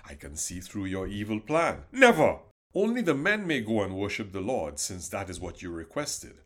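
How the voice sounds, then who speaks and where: A man reading the lines of an angry, proud Egyptian king in a Bible story, commanding and at times shouting. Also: sits low, lively intonation, normal speed, pitched below the performer's own voice. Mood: defiant.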